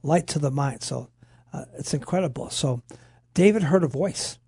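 A man's voice: fairly high pitch, moderate pace, husky, no echo, clean studio sound. A man co-hosting a Christian radio talk show, teaching animatedly from scripture. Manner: animated preaching, quotes voices of scripture. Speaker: radio co-host, pastor.

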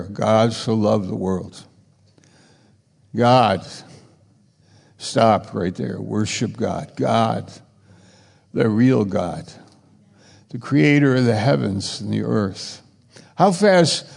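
A man preaching in a slow, deliberate way, his voice gravelly at the edges. He pauses often, then surges upward into emphatic bursts. The sound rings out with a long hall reverb. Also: darkish tone. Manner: slow and halting, rising to emphatic high bursts. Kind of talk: sermon.

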